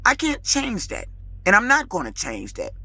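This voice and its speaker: A lease-purchase woman trucker talks straight to camera in a casual vlog rant. Her voice is bright and forceful, emphatic and quick to get heated. The sound is dry, with no room around it. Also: mid-range voice, wildly swooping pitch, slightly rough, no room sound. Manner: emphatic, authoritative, gets loud and heated; colloquial, repeats words when fired up.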